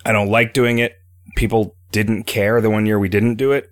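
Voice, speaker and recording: Deep-voiced rambling podcast man. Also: level tone, normal speed, no echo, clean studio sound. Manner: rambling, reads listener questions aloud. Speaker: podcast host and game developer. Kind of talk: casual podcast chat.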